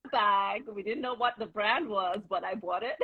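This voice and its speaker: A woman's voice: medium pitch, expressive, measured pace, slightly rough, no room sound. A woman in her forties from Nigeria, a guest chatting casually and praising her host with emotion. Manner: effusive, emotional praise with laughter. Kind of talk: casual conversation. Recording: dull, muffled sound.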